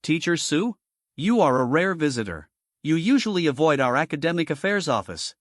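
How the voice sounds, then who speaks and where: A cold, curt young woman director, voiced by a male narrator without changing his voice. The tone sits a bit high with a lively rise and fall, dry and close to the mic. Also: normal speed, no room sound. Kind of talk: read-aloud dialogue in a recap.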